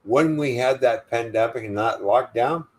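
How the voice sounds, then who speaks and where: A man's voice: medium pitch, moderate pace, a little mellow. An older man hosting a livestream, delivering an angry, profane, defiant rant. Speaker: livestream host.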